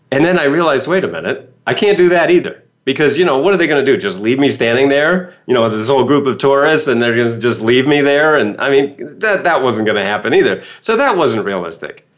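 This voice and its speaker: A man's voice: mid-range voice, animated, brisk, a bit bright, highs cut off. A man, a motivational speaker, telling a story in a podcast talk and acting out his own frightened reactions.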